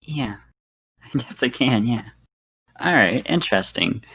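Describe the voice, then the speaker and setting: A man's voice: medium pitch, expressive, normal speed, creaky, sharp tone, slightly rough. A male-sounding voice student chatting casually with his teacher over a voice call, rambling and laughing often. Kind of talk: casual lesson chat.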